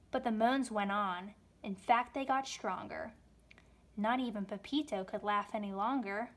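A woman reading a rhyming children's book aloud, with expressive storytelling delivery. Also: medium pitch, a little slow.

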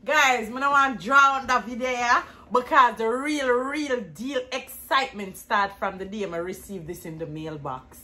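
A woman with a Jamaican accent, vlogging from home in a casual, excitable way, who also prays aloud. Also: fairly high pitch, measured pace, hardly any pauses. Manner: prayerful, then excited and loud.

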